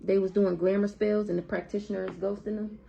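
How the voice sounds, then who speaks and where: A woman's voice: mid-range voice, little pitch movement, a little fast, vocal fry, dark tone, muffled recording, a little hiss or hum. A woman with giving a blunt, profane, heated tarot reading to camera in a casual monologue. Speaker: tarot reader.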